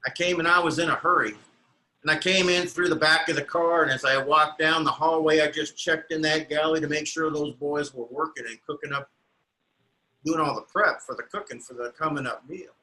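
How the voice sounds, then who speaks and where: A man's voice: a little high, sharp tone, poor audio. A man telling as a proud young train conductor. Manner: earnest first-person telling. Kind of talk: storytelling performance.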